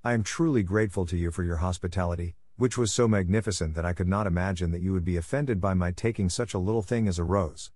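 A frightened, timid merchant father from a storybook, read by a man. His pleading voice lifts above the reader's usual low tone. The recording is dry and close. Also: quick pace, hardly any pauses, a little mellow, dry recording. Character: timid, terrified middle-aged merchant father.

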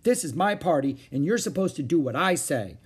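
A man's voice: a little high, very animated, fairly quick, slightly rough, pitched above the performer's own voice, heavily acted. A man putting on a bossy little girl. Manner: bossy and demanding.

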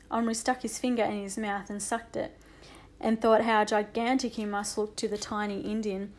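A woman narrating a children's audiobook with a lively, expressive reading. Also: mid-range voice.

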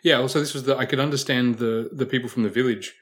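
A man's voice: mid-range voice, fairly even intonation, fast, a bit bright. A man in a casual group chat, telling an anecdote in a chatty, wry way with small chuckles. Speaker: podcast panelist.

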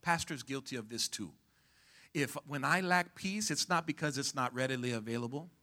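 A man preaching a sermon as pastor, calling out to the congregation to respond and rising to shouts at the peaks. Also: mid-range voice, normal speed. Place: church sanctuary.

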